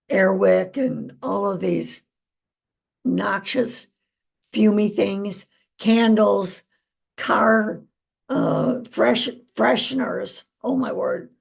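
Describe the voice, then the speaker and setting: An older woman talks slowly and chattily, like a neighbor catching you up on her month. Her voice has a gravelly, slightly husky texture, and she drifts through fillers and little asides as a traditional naturopath sharing home remedies. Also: mid-range voice, darkish tone. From United States. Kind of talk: casual chat vlog.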